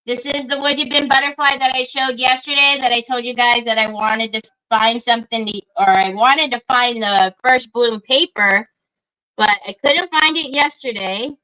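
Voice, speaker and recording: A woman's voice: a little high, normal speed, sharp tone. A middle-aged woman, chatting casually and greeting viewers by name while she crafts on a livestream. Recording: dull lo-fi livestream audio.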